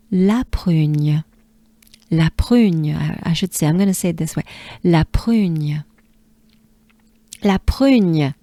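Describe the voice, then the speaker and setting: A woman from France with a French accent, patiently coaching pronunciation and repeating words slowly with soft breathy asides. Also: fairly low pitch, lively intonation, no room sound. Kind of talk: slow pronunciation lesson.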